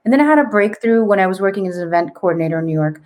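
A woman in her late forties, a psychic medium, telling her story in a casual, animated way and mixing in Spanish words. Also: mid-range voice, rapid-fire. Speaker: podcast guest, psychic medium.

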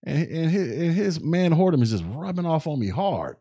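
A man hosts a podcast and spins a rambling story with a lot of swings in his pitch. His voice is warm and dark. He talks loosely, with plenty of slang and profanity, and often stops and restarts mid-sentence. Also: lively intonation, brisk. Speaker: podcast host. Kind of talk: casual storytelling.

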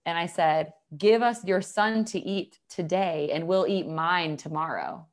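Give me a desperate starving mother, as a woman quotes her, lowish voice. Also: expressive, unhurried. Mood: pleading.

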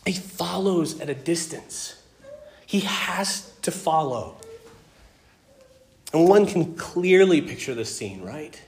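A male pastor delivers an earnest sermon and works through scripture passage by passage. His voice sits slightly high for a man. He repeats words when he stresses a point and drops into hushed tones on tragic moments. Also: expressive, slow, pauses often. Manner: dramatic swings between loud emphasis and hushed tones.

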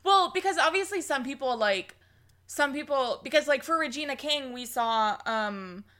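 Bright, excitable young woman gushing. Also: sits high, normal speed. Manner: excitable, gushing, swears freely. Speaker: podcast co-host. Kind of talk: casual chat.

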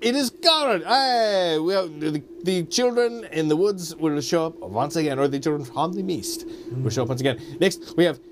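A hammy male merchant with a thick put-on foreign accent, played by a man. His pitch leaps around as he talks in stiff, formal phrases. Steady background noise sits under the voice. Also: moderate pace, close to an everyday voice. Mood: salesy.

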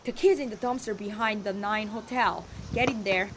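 A woman's voice: mid-range voice, normal speed, very noisy, lightly acted. An actress playing an ambitious young crime boss heir, whiny in outbursts and cold when she threatens. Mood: menacing.

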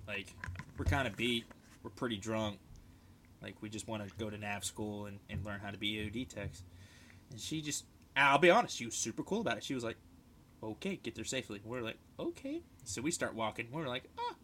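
A young man on a casual podcast, telling military stories in an animated, swearing way and shouting out the lines he quotes. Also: lowish voice, a little hiss or hum. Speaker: podcast co-host, military veteran. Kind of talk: casual storytelling chat.

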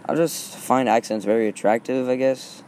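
A man's voice: mid-range voice, fairly even intonation, normal speed, darkish tone, slight background noise. Rambling, hesitant teenage boy podcaster. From Texas. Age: teens. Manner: hesitant, repeats fillers often. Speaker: solo podcaster. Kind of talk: rambling casual monologue. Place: outdoors in wind.

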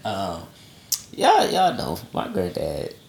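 A man co-hosting a podcast, telling family stories in animated casual chat with low asides. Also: slow, vocal fry, reverberant. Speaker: podcast co-host.

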